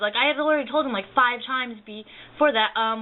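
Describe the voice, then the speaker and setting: Young woman ranting, high voice, tinny audio. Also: moderate pace, few pauses. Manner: profane, indignant storytelling with acted-out quotes. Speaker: vlogger. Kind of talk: angry rant to camera.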